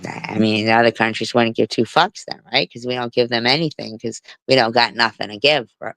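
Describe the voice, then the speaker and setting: A woman's voice: very deep voice, a little fast, gravelly, a bit bright, dry recording. A woman in her forties telling stories on a casual livestream, blunt and swearing freely. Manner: blunt, heavy swearing, storytelling. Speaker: livestream host.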